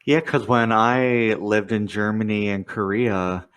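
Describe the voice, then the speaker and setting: Low-voiced Pennsylvania man, rambling. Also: steady tone, unhurried, a bit bright, clear, resonant tone. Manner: rambling, filler-heavy storytelling with laughs. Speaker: podcast co-host. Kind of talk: casual chat.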